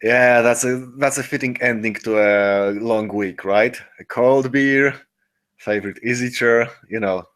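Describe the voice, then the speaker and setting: A man co-hosting a casual voice call, speaking in a measured, reasoning way with hesitant fillers. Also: mid-range voice, fairly bright tone.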